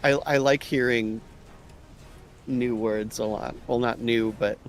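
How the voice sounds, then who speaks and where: A man chatting in an easygoing way and calling out quick instructions while playing an online game over a headset mic. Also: mid-range voice, steady tone, soft background music. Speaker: group player. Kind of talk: casual chat while gaming.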